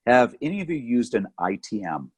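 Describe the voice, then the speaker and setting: A middle-aged man with a slightly husky voice tells an anecdote in a relaxed podcast chat. His pitch swings widely as he acts out the other people in the story. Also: brisk. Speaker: podcast co-host.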